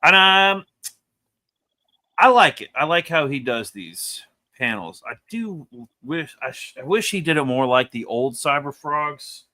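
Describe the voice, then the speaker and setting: Man, casual comic review chat, bright voice, rambling, laughs a lot. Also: on the high side, measured pace. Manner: animated, laughs often, rambling asides.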